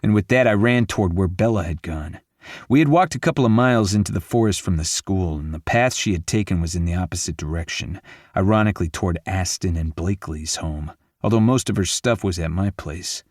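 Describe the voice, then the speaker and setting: Low-voiced male audiobook narrator, brooding. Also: a little fast, a little mellow, dry recording, clean studio sound. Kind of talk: first-person romance audiobook narration.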